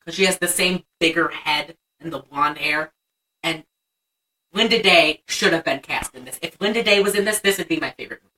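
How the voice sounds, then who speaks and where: A woman's voice: low-pitched, fairly quick, sharp tone, recorded from a distance, poor audio. A young woman co-hosting a casual chat, animatedly retelling a movie scene and acting out the lines. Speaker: podcast co-host.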